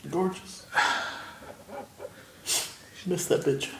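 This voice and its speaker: A man on a casual podcast who reads out the list entries and drops drawn-out, crude one-liners. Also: heavy background noise. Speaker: podcast co-host. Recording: echoey room.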